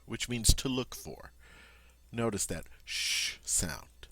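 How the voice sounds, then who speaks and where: A man's voice: mid-range voice, lively intonation, slow, creaky, pushed and bright, dry recording. A man giving a French pronunciation lesson, patiently explaining and demonstrating each sound. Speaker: French teacher. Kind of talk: language lesson.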